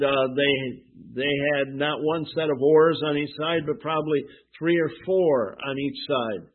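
Man, pastor, sermon, husky, slightly high voice, tinny phone-like sound. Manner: asks the congregation questions and answers them.

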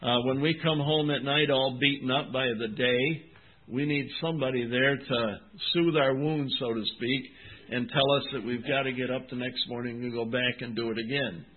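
Husky older man preaching, tinny sound. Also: medium pitch, fairly even intonation. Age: 70s. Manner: earnest, folksy, slow deliberate emphasis. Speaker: pastor. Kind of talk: sermon. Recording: tinny phone-like recording.

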